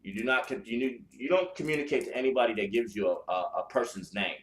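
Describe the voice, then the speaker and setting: A man's voice: medium pitch, lively intonation, fast talker, few pauses. A man hosting a spiritual podcast, talking bluntly and profanely in a casual chat style, with lots of restarts. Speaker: podcast host. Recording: echoey room.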